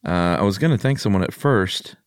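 Laid-back male host, forties, lowish voice, dry booth sound. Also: a little fast, clean tone, dry recording. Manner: relaxed, joking, laughs often. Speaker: podcast co-host. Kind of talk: casual chat.

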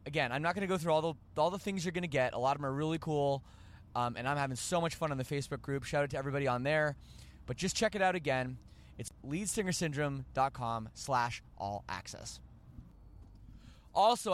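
A man's voice: on the high side, a bit bright. Rambling, joking podcast host man. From Canada. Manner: rambling, joking, self-correcting. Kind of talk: casual podcast chat.

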